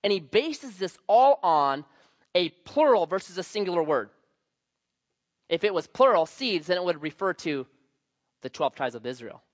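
A very animated male pastor with a high voice preaches at a moderate pace, pausing often. His sermon is conversational and anecdotal, with sudden loud emphasis on key words. It's a dry recording that sounds slightly muffled.

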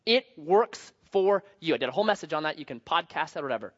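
A male pastor preaching a sermon in an animated, joking, conversational manner. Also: a little high, fast, lo-fi sound.

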